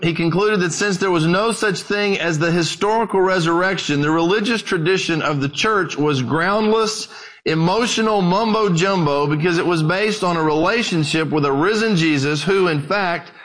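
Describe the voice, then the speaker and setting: A man's voice: sits high, fairly bright tone, poor audio. A man preaching a sermon, a conversational and folksy storyteller who talks straight to his listeners. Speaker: pastor.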